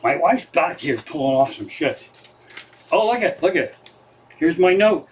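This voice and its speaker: A man's voice: on the high side, big pitch swings, a little slow, a little hiss or hum. Profane, rambling male comedian. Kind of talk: casual live-stream storytelling. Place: home living room.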